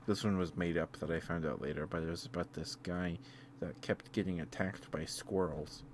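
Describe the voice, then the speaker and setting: A man's voice: deep voice, fairly even intonation, moderate pace, a little hiss or hum. A young man chatting as an ASMR streamer, rambling with frequent laughs and restarts. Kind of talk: soft-spoken ASMR live stream chat.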